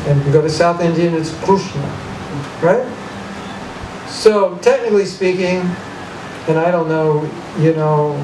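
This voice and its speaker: A man leading a devotional chanting workshop in a temple hall, talking conversationally with rhetorical questions and frequent "you know"s. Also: on the high side. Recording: echoey hall, distant mic, background noise.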